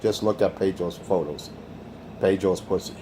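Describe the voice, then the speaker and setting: A man's voice: sits low, moderate pace, noisy background. A man hosting a crude, taunting radio rant. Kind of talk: insult-heavy radio rant.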